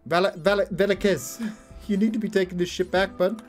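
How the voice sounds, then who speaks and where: A man's voice: high-pitched, steady tone, normal speed, faint music behind. A young man streaming a game, chatting crudely and jokily with his viewers. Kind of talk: casual live-stream chat while playing.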